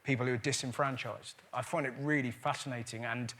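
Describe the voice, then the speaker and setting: A man's voice: medium pitch, steady tone, a bit bright. A man in his thirties with a Bristolian accent, chatting as a comedian guest on a talk show in a cheeky, rambling way. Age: 30s. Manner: rambling, cheeky, quick to joke. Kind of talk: chat-show banter.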